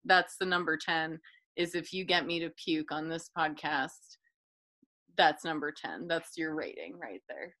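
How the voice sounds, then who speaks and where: A woman co-hosting a podcast in casual chat, reacting in a squeamish and expressive way with long, drawn-out reactions. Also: low voice. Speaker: podcast co-host.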